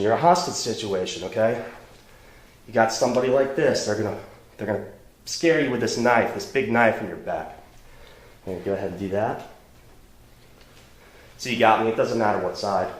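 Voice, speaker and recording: A man's voice: on the low side, animated, moderate pace, pauses often, reverberant. A man teaching self-defense against knives in a casual demonstration lesson, blunt and chatty, often checking in with "okay?".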